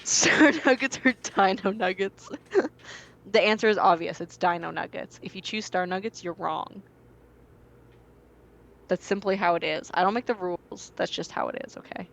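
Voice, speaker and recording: A woman's voice: fairly low pitch, normal speed, creaky, pauses often, slight background noise. A woman hosting a live stream, chatting casually and playfully and talking to her chat. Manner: relaxed, playful, chuckling asides to chat. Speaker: streamer host.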